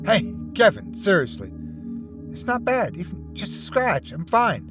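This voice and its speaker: A man's voice: sits high, sing-song, measured pace, music in the background, voice pushed up. A man voicing a trapped man who pleads desperately to be let out. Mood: pleading. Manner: pleading, rising to frantic screams.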